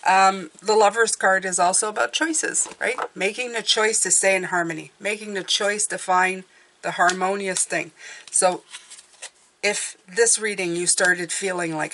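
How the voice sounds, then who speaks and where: A woman's voice: on the low side, steady tone, a little slow, fairly bright tone. A woman giving a casual tarot reading to her viewers, encouraging and often checking in with "okay?". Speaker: tarot reader.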